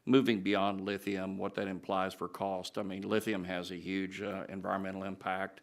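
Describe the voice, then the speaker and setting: Deep-voiced male lawmaker, probing questioner. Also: completely flat delivery, normal speed. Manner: probing, interrupts, restarts. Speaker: congressman questioning witnesses. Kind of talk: congressional hearing questioning.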